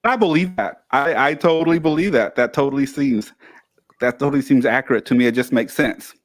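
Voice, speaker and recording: A man's voice: mid-range voice, brisk. A man co-hosting a motivational podcast, upbeat and chatty, reading out viewer comments. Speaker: podcast co-host. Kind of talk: casual podcast discussion.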